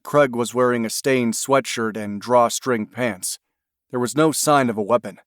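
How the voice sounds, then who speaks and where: Brief: male audiobook narrator, mid-pitched, dry close studio sound, measured delivery. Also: no room sound. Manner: steady, measured storytelling.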